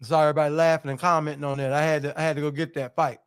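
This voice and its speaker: High-pitched guy hosting a live stream, slangy and loose, just chatting with the viewers. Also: level tone, racing, clear, resonant tone. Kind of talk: casual live-stream chat.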